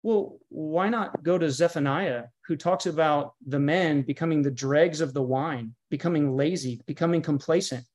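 A pastor in a podcast interview, speaking with a somewhat high voice for a man. He talks in an earnest, emphatic teaching tone. He stacks up repeated phrases the way a preacher does. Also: moderate pace, few pauses, darkish tone. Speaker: pastor and guest author.

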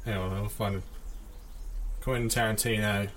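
A man's voice: lowish voice, steady tone, normal speed, fairly bright tone, a little hiss or hum. A man hosting a podcast alone, chatting casually at home in a rambling, self-deprecating way. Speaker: podcast host. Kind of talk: casual solo chat. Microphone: audio interface.

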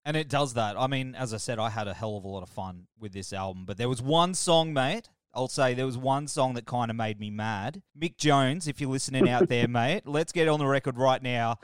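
A man's voice: medium pitch, brisk, hardly any pauses, smooth, no room sound, studio quality. An Australian man hosting a radio interview, friendly and jokey, saying "mate" often and laughing a lot. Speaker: radio host.

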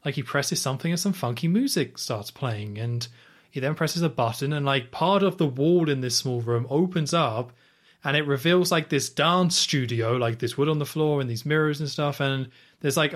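A man's voice: fairly high pitch, moderate pace. A man co-hosting a podcast, casually recapping a film scene with lots of "like" and playful asides. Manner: chatty, recounts scenes with lots of "like" and playful quoted reactions. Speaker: podcast co-host.

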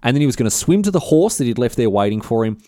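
A man's voice: mid-range voice, very animated, rapid-fire, warm tone, no room sound, studio quality. A man hosting a history podcast, telling stories in a slangy, irreverent, casual way. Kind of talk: casual comedic storytelling.

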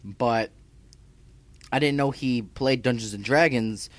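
A man's voice: medium pitch, slow, no echo. Chatty scattered young male YouTuber. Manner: chatty, scattered, self-interrupting, filler-heavy. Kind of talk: casual vlog chat. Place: home room.

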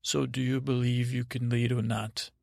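A man voicing a confident, smooth-talking male stranger who calmly offers advice and flattery in a bedtime story. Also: mid-range voice, moderate pace, no echo, clean studio sound. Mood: smooth persuasive. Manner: calm, persuasive, slightly flattering.

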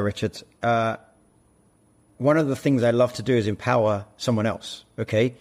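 A man's voice: mid-range voice, a little mellow. A man who is an actor and co-founder, speaking as a podcast guest and telling stories animatedly. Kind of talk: casual interview.

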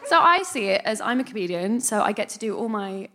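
Animated woman comedian telling stories. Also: mid-range voice, a little fast. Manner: animated storytelling with acted-out quotes. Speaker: comedian and actress guest. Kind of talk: live comedy podcast chat.

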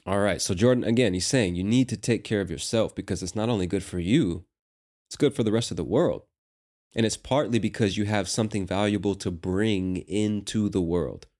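An American man hosting a lesson, explaining a clip slowly and patiently with casual asides. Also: fairly low pitch, darkish tone. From United States. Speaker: host.

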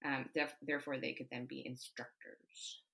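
A woman's voice: very deep voice, level tone, moderate pace, vocal fry, bright, forceful tone, rough recording. A woman co-hosting a podcast, chatting casually about history with many fillers and frequent laughs. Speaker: podcast co-host. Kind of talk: casual chat.

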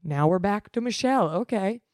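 Sarcastic woman reading with deadpan asides. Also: mid-range voice, moderate pace, no echo, studio quality. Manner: swings between dramatic reading and flat deadpan. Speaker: host reading a story aloud. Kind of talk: dramatic reading with comedic commentary.

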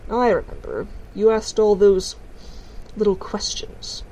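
Condescending male teacher, slow and drawn out, voiced by a woman; talks down to a child. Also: medium pitch, steady tone, warm tone, natural voice, poor audio. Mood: patronizing. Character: patronizing male hedgehog teacher at a fair.

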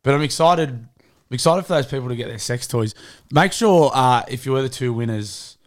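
Swearing Australian podcast host. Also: male voice, medium pitch, lively intonation, brisk. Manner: swears freely, laughs often. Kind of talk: casual crude podcast banter.

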